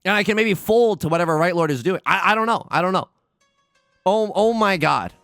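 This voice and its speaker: A young man commentating his own game as he plays, anxious and pleading, often begging out loud and exclaiming. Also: high voice, a little fast, no room sound, studio quality, soft background music. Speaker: let's play host. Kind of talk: live gameplay commentary.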